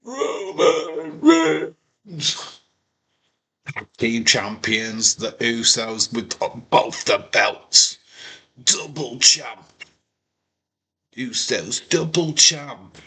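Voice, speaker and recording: Husky, bright-voiced man doing chatty commentary. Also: mid-range voice, fairly even intonation, very slow. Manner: joking, chatty, often breaks into impressions. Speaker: watch-along host. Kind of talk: casual live commentary over a wrestling show.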